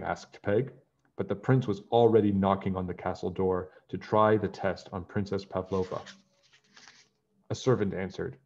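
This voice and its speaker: A man reading a children's storybook aloud, narrating in a lively way and switching into character voices. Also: sits low, moderate pace, vocal fry, lo-fi sound. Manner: lively, raises his voice for characters and drops it for narration. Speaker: children's book reader.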